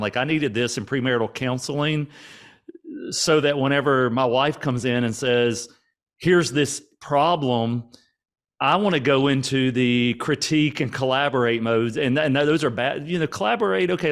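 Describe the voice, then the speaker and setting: Casual male podcast host. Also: mid-range voice. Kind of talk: interview questions.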